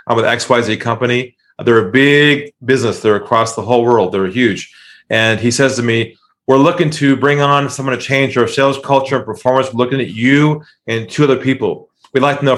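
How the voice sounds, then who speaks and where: A man, a sales trainer being interviewed, telling stories and acting out phone calls in lively voices. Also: mid-range voice. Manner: animated, acts out calls in excited voices. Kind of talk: storytelling interview.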